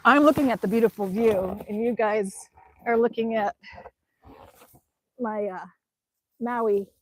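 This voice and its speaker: A woman's voice: fairly high pitch, measured pace, slight background noise. A woman chatting casually on a live stream outdoors in winter, rambling with many ums as she reads the chat. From Alaska. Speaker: vlogger reading live chat. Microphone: phone camera.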